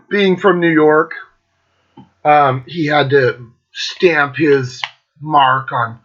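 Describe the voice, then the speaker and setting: A man hosting his own metal show, chatting casually and sarcastically with lots of swearing, clearing his throat now and then. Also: a little high, fairly bright tone, lo-fi sound. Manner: profane, sarcastic, laughs often. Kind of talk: casual solo chat reviewing albums.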